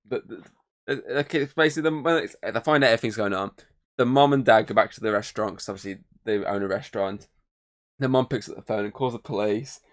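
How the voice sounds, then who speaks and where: A man co-hosting a podcast, talking casually and at length about a film, swearing often. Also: fast. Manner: rambling, swears, mimics voices in high pitch. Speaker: podcast co-host. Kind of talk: casual movie review chat.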